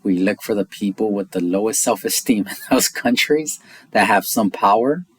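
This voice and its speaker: An American man in a blunt, heated opinion rant to his viewers, profane and pressing his points, speeding up and slowing down for emphasis. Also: fairly low pitch, husky, dry recording. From United States. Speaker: vlogger.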